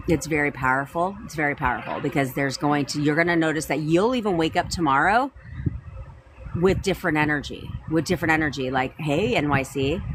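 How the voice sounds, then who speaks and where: A woman's voice: low voice, noisy background. A woman coaching viewers on a live stream, chatting casually, answering them by name and repeating her points.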